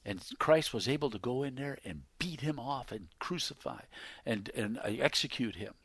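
A man preaching a sermon, reading scripture aloud and swinging between loud emphasis and hushed whispers. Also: mid-range voice, animated, normal speed, slightly rough, dry recording. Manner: reads scripture aloud in King James wording.

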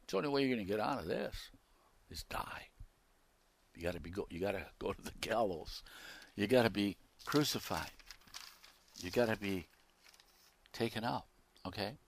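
A man preaching a sermon who swings from loud, emphatic declarations to quiet asides and reads scripture with rising intensity. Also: lowish voice, lively intonation, brisk, long pauses.

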